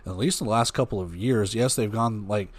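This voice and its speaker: Low-voiced man rambling through a sports recap. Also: a little fast, no room sound. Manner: rambling, conversational, reads stats aloud. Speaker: podcast host.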